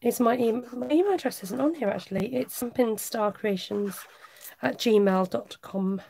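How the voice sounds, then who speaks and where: A woman's voice: on the high side, normal speed, gravelly, husky, no room sound. Chatty English woman with a West Country twang. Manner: warm chatty, laughs often, talks while working. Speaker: craft livestream host. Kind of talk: chatty live craft stream, reading chat.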